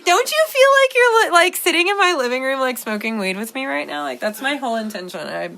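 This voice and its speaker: A woman's voice: high-pitched, lively intonation, fast talker, bright, forceful tone. A woman hosting a podcast in casual chat, rambling playfully with lots of "like" fillers. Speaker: podcast host.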